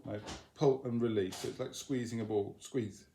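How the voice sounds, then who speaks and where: A man's voice: mid-range voice, moderate pace, soft background music. A man teaching a violin piece, explaining things patiently in a mid-range voice. He often breaks into singing bits of the melody on nonsense syllables before going back to plain explanation. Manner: relaxed and explanatory, often sings phrases of the tune on nonsense syllables. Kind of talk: instructional lesson video.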